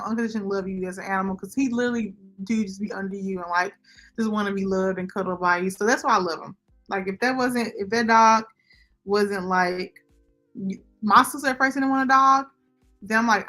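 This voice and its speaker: Brief: young woman, bright-ish high voice, casual livestream host, faint music behind. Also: brisk. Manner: chatty, talks to viewers and chat directly. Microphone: computer microphone.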